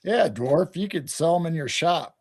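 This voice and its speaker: A Midwestern man co-hosts a live chat stream, rambling playfully through casual late-night talk and repeating words as he thinks. His voice is on the high side, animated and a little mellow, at a moderate pace.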